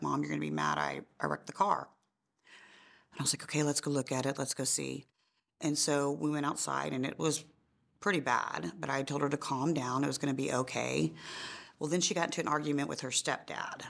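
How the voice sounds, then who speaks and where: A middle-aged woman telling the story of her daughter's death in a documentary interview, halting with many fillers. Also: low-pitched, creaky, fairly bright tone. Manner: halting, many fillers, voice rising and breaking in grief. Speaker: bereaved mother interviewee.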